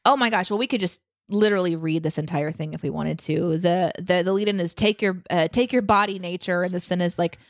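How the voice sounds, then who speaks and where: Woman co-host, thirties, chatty and quick to laugh, slightly low voice, dry close sound. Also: no room sound. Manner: chatty, laughs often, many fillers. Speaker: podcast co-host, writer. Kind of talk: casual chat.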